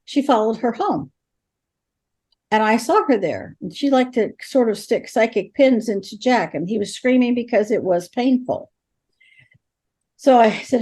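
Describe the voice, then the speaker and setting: A woman's voice: fairly high pitch, lively intonation, normal speed, mellow, breathy edge. An older woman, a guest in an interview, telling stories with animation and acting out the dialogue. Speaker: interview guest, ghost helper. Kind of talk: storytelling in an interview.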